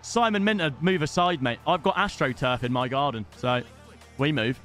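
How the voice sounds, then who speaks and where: A young British man commentating live on his own gameplay, excitable and casual, swearing freely and shouting at big moments. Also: on the high side, normal speed, soft background music. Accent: British English. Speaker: gaming streamer.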